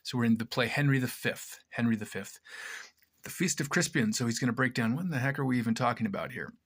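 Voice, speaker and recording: A man's voice: medium pitch, fast, no echo. A man talking casually to his camera at home, rambling and wry, often breaking off mid-sentence. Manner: rambling, self-interrupting, wry. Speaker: vlogger. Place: indoors, at home.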